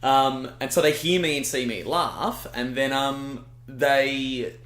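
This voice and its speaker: A man's voice: medium pitch, slow, a bit bright, echoey room. A man in his twenties with an Australian accent, a chatty storyteller who swears freely as he co-hosts a casual podcast. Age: 20s. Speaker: podcast co-host. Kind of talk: casual chat.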